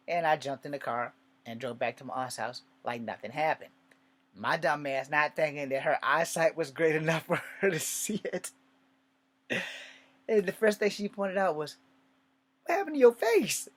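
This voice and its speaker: A man's voice: fairly high pitch, normal speed, a bit bright. A man telling a personal story in a casual, rambling way, swearing often and drifting into asides. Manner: rambling and profane, with many asides.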